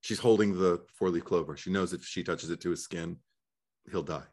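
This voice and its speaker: A man's voice: low-pitched, steady tone, normal speed, darkish tone. A man co-hosting a movie podcast, telling stories in a frank, chatty way and laughing often. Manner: frank, swears freely. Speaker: podcast co-host. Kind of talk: casual movie discussion.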